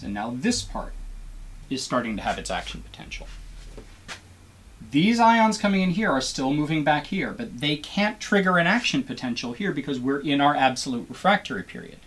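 A man's voice: mid-range voice, husky. A man giving a recorded biology lecture, explaining step by step and acting out a crowd doing the wave, encouraging to his students. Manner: animated, acts out cheering crowd voices in examples.

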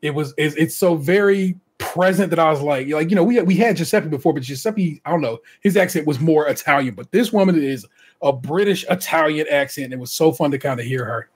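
Husky-voiced man hosting a podcast. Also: on the high side, brisk. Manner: reads contestant bios with chatty asides and laughs. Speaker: podcast host. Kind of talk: casual podcast chat.

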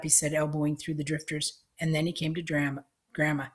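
A woman reading an audiobook, narrating with measured storytelling. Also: low voice, fairly even intonation, husky.

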